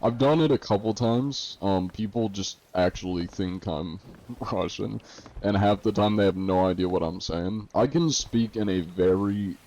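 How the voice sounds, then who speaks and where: A man's voice: fairly low pitch, unhurried, dark tone, lo-fi sound, slight background noise. A man streaming a game live from a room at home, chatting playfully and jokingly greeting his viewers by name. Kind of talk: casual live-stream chat.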